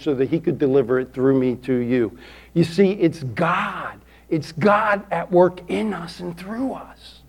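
High-voiced folksy man preaching. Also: a little mellow. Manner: folksy, repetitive, emphatic, calls for amens. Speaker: pastor. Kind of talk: sermon to a congregation. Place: church sanctuary.

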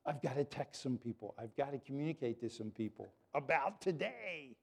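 A pastor preaching a sermon to his congregation, earnest and animated, dropping to soft prayer at times. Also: mid-range voice, normal speed, gravelly, breathy edge.

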